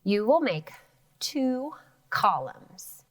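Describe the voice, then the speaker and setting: Slow, lively-voiced woman teacher. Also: fairly high pitch. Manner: slow, sounding out words syllable by syllable. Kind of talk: elementary phonics lesson.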